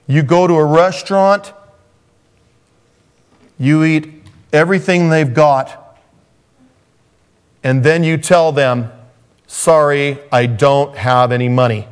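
A man preaching a sermon as a pastor, swinging from raised, intense passages down to hushed, soft ones. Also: on the high side, takes it slowly, long pauses, clear, resonant tone.

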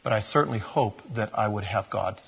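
A man's voice: fairly low pitch, fairly quick, creaky, slightly rough. A man preaching a sermon in a conversational, self-deprecating way, talking to his congregation like friends. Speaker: pastor.

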